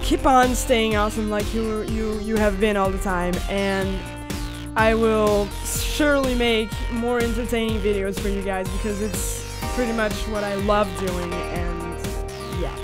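A woman's voice: medium pitch, fairly even intonation, measured pace, music in the background. A young woman hosting a horror game let's play, screaming and squealing when scared, swearing, laughing nervously and apologizing to viewers. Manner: apologetic, chatty outro to viewers. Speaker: gaming channel host.

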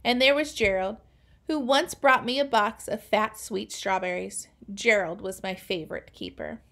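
A woman reading a children's novel aloud in a calm, unhurried way. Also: medium pitch. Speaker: reader.

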